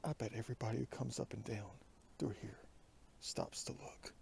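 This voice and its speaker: A man's voice: fairly low pitch, fairly even intonation, moderate pace, creaky, darkish tone, a little hiss or hum. A man vlogging outdoors on a wooded mountain road, talking to a handheld camera and often dropping into a whisper. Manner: rambling, often drops to a whisper. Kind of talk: outdoor hiking vlog.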